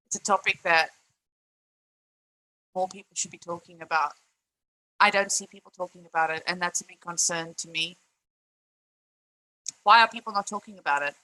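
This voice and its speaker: A woman's voice: on the low side, moderate pace, long pauses, bright, forceful tone, poor audio. A young woman streaming live, ranting in a frustrated, emphatic way, swearing and repeating her points while greeting chat.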